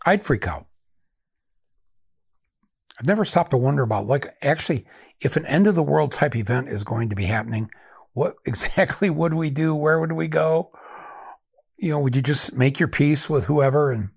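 An older man from Michigan hosting a podcast, talking in a casual, wry and animated monologue, chuckling at his own points. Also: fairly high pitch, dry recording. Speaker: podcast host.

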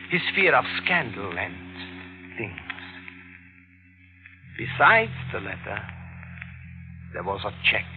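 A man's voice: medium pitch, a little hiss or hum, natural voice. An actor playing an earnest, hesitant male waiter who narrates and stammers, in a 1940s-style radio drama. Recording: tinny old radio broadcast with music.

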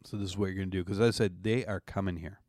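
A man's voice: deep voice, steady tone, rapid-fire, darkish tone, dry recording, studio quality. A man co-hosting a podcast, telling a story in a joking, rambling way. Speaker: podcast co-host. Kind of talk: casual chat.

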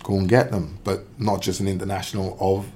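Bloke with a lowish voice talking football on the radio, jumps in a lot, pretty emphatic. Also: male voice, a little fast, slight background noise. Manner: animated, emphatic, interjects often. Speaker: football pundit, former striker. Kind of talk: casual sports radio chat.

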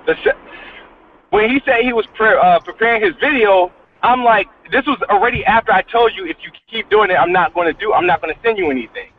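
A man telling his side of a heated argument in halting, profane casual talk, often repeating himself. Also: sits high, a little hiss or hum. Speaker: guest in a dispute. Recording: tinny phone-like call audio.

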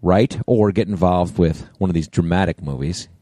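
Low-voiced teasing male podcast co-host. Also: normal speed, warm tone, dry recording. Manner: dry, teasing, laid-back. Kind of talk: casual comedic banter.

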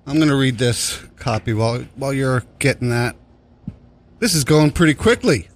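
A man's voice: mid-range voice, animated, normal speed. A man hosting a radio show, chatting casually on air in a studio at a microphone. He rambles, jokes and swears freely.

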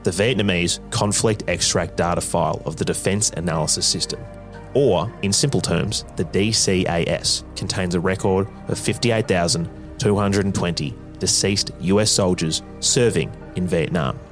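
A man giving measured, dramatic scripted narration as a podcast narrator. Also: low-pitched, soft background music.

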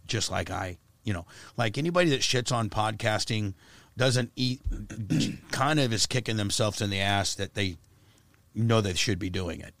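A man guesting on a podcast, talking in a blunt, profane, rambling way and clearing his throat often. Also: on the low side, fairly bright tone, no room sound. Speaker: radio personality guest. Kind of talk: casual podcast chat.

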